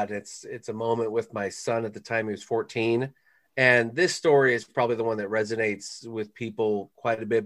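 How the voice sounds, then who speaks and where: A middle-aged man, a parenting author appearing as a podcast guest, telling a personal story in an animated, heartfelt way and often saying "man". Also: mid-range voice.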